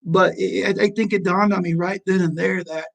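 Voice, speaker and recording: A man in his forties tells a story on a remote call, earnest and halting, often restarting his words. His voice sits a little high with a gravelly edge. He sounds like a coach speaking from experience. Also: fairly even intonation, low-quality recording. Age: 40s. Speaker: junior college basketball head coach.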